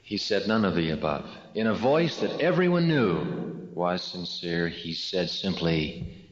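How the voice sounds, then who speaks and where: Slow deep-voiced man preaching in a hall. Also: very animated, slight background noise. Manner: slow, deliberate storytelling with dramatic pauses. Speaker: religious speaker. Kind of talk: sermon. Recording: echoey hall, dull lo-fi sound.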